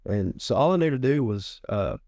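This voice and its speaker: Low, mellow-voiced man in his forties. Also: animated, normal speed, dry recording. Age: 40s. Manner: repeats words, retells what he said. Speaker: guest minister. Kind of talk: storytelling testimony.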